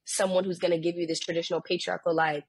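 A woman on a casual video-call panel, forceful and insistent, repeating her points. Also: fairly low pitch, flat delivery, fast talker, breathy edge, no echo.

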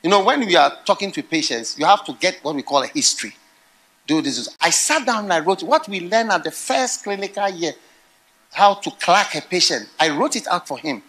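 A middle-aged man preaching a sermon, telling stories with animated swings into loud, laughing outbursts. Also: sits high, a little fast. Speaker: pastor.

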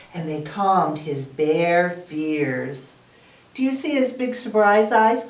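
A woman librarian reads a picture book aloud at a slow, unhurried pace. Her voice rises and falls lively, inviting the children to say the phrase with her. She sounds distant in a roomy, echoey space. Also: mid-range voice. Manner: lively, expressive read-aloud, inviting kids to join in.

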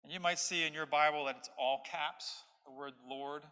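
Male pastor, preaching, emphatic repeated points, raised pitch, reverberant sanctuary. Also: steady tone, normal speed, bright, forceful tone, clear, resonant tone. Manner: expository preaching, emphatic repetition. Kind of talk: sermon. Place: church sanctuary. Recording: long hall reverb.

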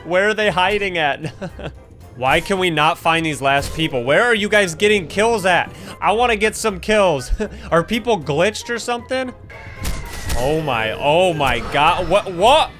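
A young man with a notably high voice narrates his gameplay with excited energy. He laughs often and keeps calling out to his teammates as he plays. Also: unhurried, faint music behind. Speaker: gaming YouTuber.

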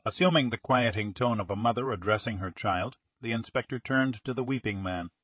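A man's voice: on the low side, fairly quick, fairly bright tone, dry recording. Man narrating a mystery audiobook.

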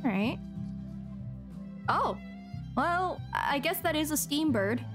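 A woman's voice: high-pitched, big pitch swings, takes it slowly. A woman streamer giving casual, chatty commentary as she plays, talking to herself and giggling often. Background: game music.

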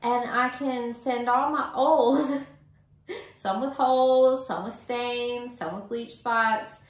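With a steady tone and fairly high pitch, a vlogger in her 30s from Virginia, US, delights over gifts in a casual video. She speaks slowly and in a drawn-out, gushing way, and there's a roomy echo.

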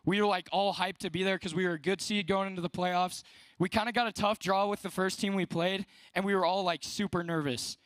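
High-voiced teenage guy giving a youth sermon. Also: steady tone, brisk, a bit bright, dry recording. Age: late teens. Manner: conversational, fills speech with "like". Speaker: student speaker at a youth service.

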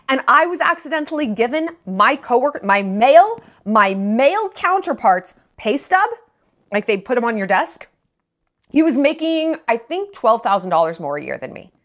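A woman in her late thirties giving a blunt, profane, sarcastic movie review rant on her vlog, mocking other people's voices. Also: fairly high pitch. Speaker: vlogger.

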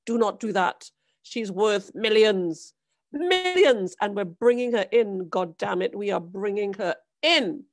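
Woman reads greedy fisherman father, commanding, shouty, dry close sound. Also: mid-range voice, unhurried, dry recording, natural voice. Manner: shouting, commanding, money-hungry.

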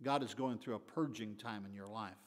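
An older man, the pastor, teaching a Bible study in a folksy preaching style, rising to emphatic bursts and then dropping to quiet asides. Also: on the low side, a little fast. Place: church sanctuary. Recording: long echoey hall reverb.

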